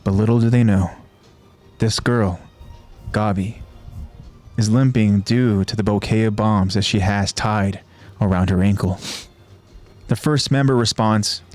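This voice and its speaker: A man who hosts a podcast, retelling an anime episode scene by scene in a steady, descriptive way. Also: on the low side, measured pace, long pauses, soft background music. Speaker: podcast host.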